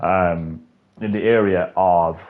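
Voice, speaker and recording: A young Irish man chatting on his livestream in a lowish voice, rambling, swearing freely and restarting his sentences. He talks loosely, like a regular host with his viewers. The sound is dull and lo-fi, as if from a cheap mic. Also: steady tone, takes it slowly. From Ireland. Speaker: gaming channel host. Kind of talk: casual livestream chat.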